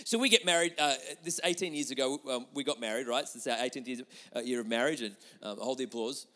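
A middle-aged man preaching a sermon as a pastor. He tells a story in a chatty, animated way, with many restarts, and puts questions to the audience. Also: mid-range voice, fast, big-room sound.

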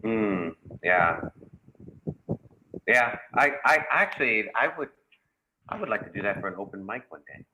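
A man's voice: on the low side, animated, a little slow, long pauses, bright, forceful tone, a little hiss or hum, poor audio. A man from New York, a guest author, chatting casually over a call with many restarts and easy laughter. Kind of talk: casual podcast chat. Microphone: video call.

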